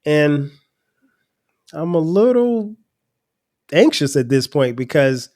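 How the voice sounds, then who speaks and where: A man's voice: a little high, takes it slowly. Chuckling man telling a story. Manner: relaxed, chuckles at his younger self. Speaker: podcast host. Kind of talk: personal storytelling.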